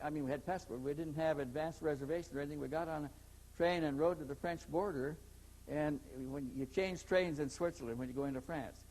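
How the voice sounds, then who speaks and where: A man's voice: on the high side, darkish tone, low-quality recording. An older man, an interview guest, telling a long story in a rambling way, repeating words and acting out the dialogue.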